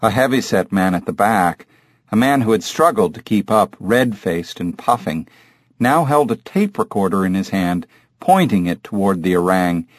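Measured, expressive male audiobook narrator. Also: low voice, no room sound, clean studio sound. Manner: measured storytelling. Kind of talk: scripted narration.

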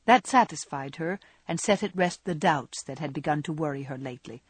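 A woman narrating a classic novel as an audiobook, measured and expressive. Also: deep voice, slightly rough, no echo.

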